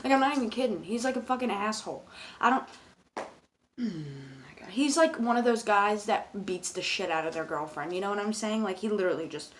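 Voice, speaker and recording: A woman's voice: medium pitch, lively intonation, a little fast, a little hiss or hum. A young woman who works as a cashier, ranting casually and profanely about customers with exasperated emphasis. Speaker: convenience store cashier.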